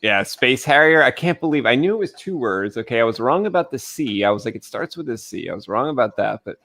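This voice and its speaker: A man's voice: mid-range voice, expressive, quick pace, a bit bright, no room sound. A man hosting a casual drawing stream, easygoing and teasing as he chats with his co-host.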